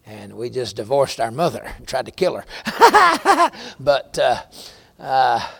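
A man's voice: mid-range voice, sing-song, slow, creaky, fairly bright tone, breathy edge. A middle-aged man with a Southern American accent, preaching a sermon in a folksy storytelling way. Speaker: pastor.

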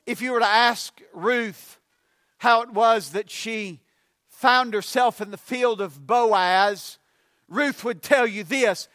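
A man preaching a sermon, building his points with repetition and rising to shouts on key lines. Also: high voice, slow pace, dry recording.

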